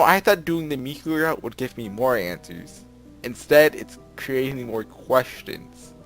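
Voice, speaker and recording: A young man reading a visual novel aloud and commenting on it, rambling, with lots of filler words and laughs. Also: medium pitch. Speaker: let's play narrator.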